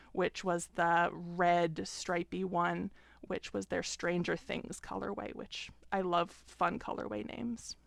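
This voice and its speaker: A young adult woman calmly explaining, step by step, how she washes hand knits at home, with an occasional "um". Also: mid-range voice, vocal fry, dry recording. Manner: calm, step-by-step explaining with frequent "um". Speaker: fiber arts vlogger. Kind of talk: casual tutorial narration.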